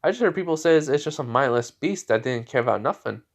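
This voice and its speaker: A man voicing a gentle, animal-loving teenage ninja girl in a spoken fan story, soft and earnest, a little higher than his own voice. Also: lively intonation, fast.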